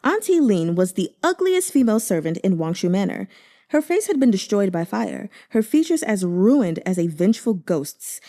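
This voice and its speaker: Brief: woman audiobook reader, mellow tone, very lively pitch, emotive. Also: moderate pace. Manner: expressive, emotive reading. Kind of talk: expressive novel narration.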